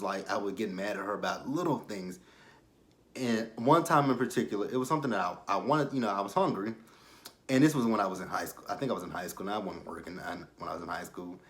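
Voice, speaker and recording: Young guy chatting about a reality show, kinda low voice, rambly and candid, drops off quiet now and then. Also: animated, fast. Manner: candid, rambling, often trails off into quiet asides. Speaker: show recap vlogger. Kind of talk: casual reality TV recap.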